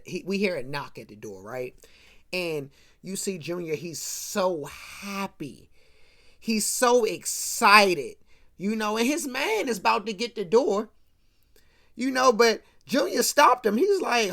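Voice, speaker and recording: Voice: medium pitch, expressive, measured pace, creaky, bright, forceful tone. Movie recap ranter, slangy and loose, keeps asking "right?". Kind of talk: casual rant retelling a film.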